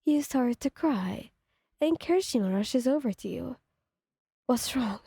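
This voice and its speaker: Woman, story narration, steady read-aloud, fairly high pitch, warm tone, husky, dry close mic. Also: normal speed, no room sound. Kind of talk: second-person fan story narration.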